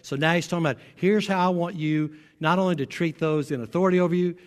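A man's voice: fairly high pitch, fast, in a large hall. A man preaching a sermon as pastor. He tells stories in between and builds to emphatic exhortation. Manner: storytelling, rising to emphatic preaching.

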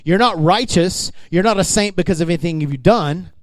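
A man's voice: high-pitched, moderate pace, no room sound. A male pastor preaching a sermon in an emphatic, conversational way, speaking straight to his congregation.

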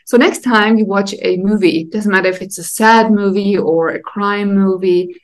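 A woman's voice: mid-range voice, moderate pace. A woman anxiety coach co-hosting a podcast, explaining in a conversational way and asking listeners to notice their own thoughts. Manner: conversational, often asks listeners to catch themselves. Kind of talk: casual podcast chat.

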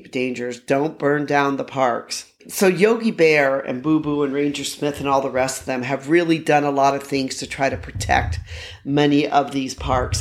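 A man's voice: mid-range voice, gravelly. A man hosting and narrating casually, rambling with many fillers and restarts. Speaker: host.

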